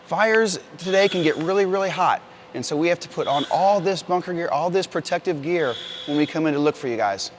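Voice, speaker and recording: A man's voice: fairly high pitch, expressive, a little fast, a little hiss or hum. A man, a firefighter, patiently explaining protective gear to children in plain words. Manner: patient, plain, talks straight to kids.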